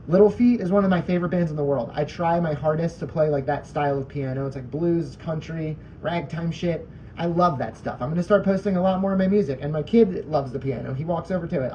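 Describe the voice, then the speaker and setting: A man's voice: sits high, mellow, muffled recording, slight background noise. A man chatting loosely on a live stream from his kitchen, rambling and swearing, packing every sentence with "like.". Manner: loose and profane, constant "like" fillers. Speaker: podcast host and musician. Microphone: phone.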